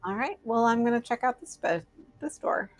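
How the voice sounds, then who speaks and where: A woman's voice: on the high side, lively intonation, moderate pace, faint music behind. A woman playing in a tabletop game, asking questions in a polite, curious way. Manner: inquisitive, polite. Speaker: player.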